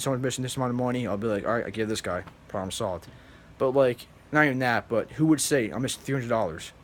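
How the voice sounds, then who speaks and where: A man vlogging, telling a story to his viewers in a rambling, animated way and flatly mimicking other people. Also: mid-range voice, slight background noise. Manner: animated, rambling, acts out others in flat mumbles. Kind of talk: casual storytelling to camera.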